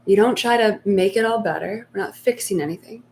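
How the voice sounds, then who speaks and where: A woman giving spiritual coaching on a live stream, speaking softly and slowly and sometimes voicing inner fears in a hushed tone. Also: mid-range voice, creaky. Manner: soft, slow and reflective, acting out inner voices in hushed tones. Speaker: meditation coach.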